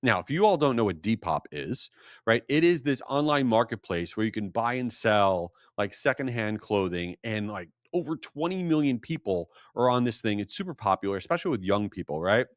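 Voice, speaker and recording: A middle-aged man hosting his podcast, talking in a casual, animated storytelling way. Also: fairly quick, dry recording, clean studio sound. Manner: animated storytelling, rising to exasperated high pitch. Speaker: podcast host. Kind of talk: casual solo podcast monologue.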